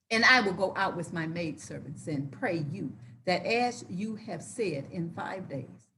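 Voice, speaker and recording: A woman's voice: medium pitch, sharp tone, slight background noise. A woman reading as a devout biblical heroine. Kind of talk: dramatic scripture reading.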